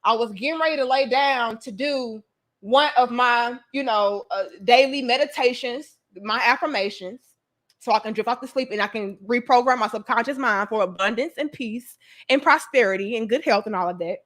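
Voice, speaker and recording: Animated high-voiced woman telling a story. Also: normal speed. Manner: animated, chatty, swears freely, addresses viewers as y'all. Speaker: vlogger. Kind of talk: casual storytelling to viewers.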